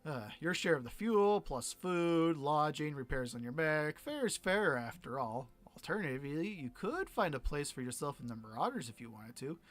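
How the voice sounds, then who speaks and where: A man's voice: fairly high pitch, big pitch swings, moderate pace, hardly any pauses, a bit bright, soft background music. A man voicing a shrewd ship captain in a game who offers passage for a price in an easygoing, haggling way. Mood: shrewd, easy.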